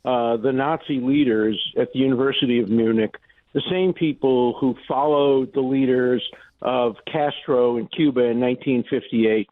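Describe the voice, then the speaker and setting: An older man calls in as a guest on a talk show, and the sound is dry and tinny like a phone line. He speaks in an ordinary middle register with forceful, indignant emphasis and stacks his points in pounding repetitions. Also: mid-range voice, no echo. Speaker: guest, law professor. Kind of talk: phone-in interview.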